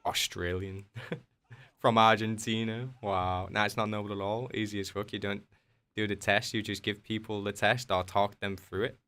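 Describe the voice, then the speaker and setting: A man's voice: fairly low pitch, flat delivery, moderate pace, pushed and bright. A man with an English accent, a game streamer in casual chat with his viewers, joking and answering their questions. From England.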